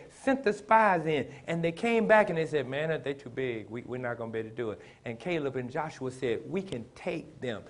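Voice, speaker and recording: A man preaching a sermon in plain, folksy speech, building to shouted emphasis and calling on the congregation to respond. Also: on the high side. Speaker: pastor.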